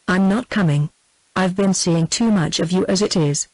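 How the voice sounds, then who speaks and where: Brief: computer-voiced British woman as a lovesick young man, unacted, even delivery. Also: on the low side, moderate pace, no echo, poor audio. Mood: plain. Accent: British English. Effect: synthetic text-to-speech voice.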